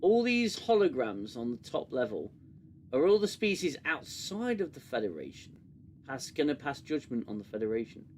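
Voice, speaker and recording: A man's voice: mid-range voice, very animated, normal speed, slight background noise. A man hosting a casual review chat, sarcastic and exasperated, often restarting his sentences. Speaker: podcast host.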